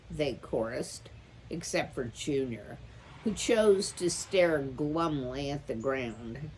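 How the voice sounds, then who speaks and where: Slow, calm woman reading a storybook. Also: low voice, a little hiss or hum, rough recording. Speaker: storytime reader. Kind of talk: reading a children's chapter book aloud.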